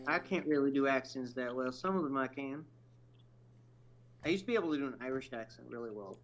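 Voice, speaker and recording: A man from Oregon, a fellow storm chaser, chatting casually on a livestream in a relaxed, agreeable way. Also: mid-range voice, brisk, highs cut off, faint music behind. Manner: relaxed, agreeable, lots of filler words.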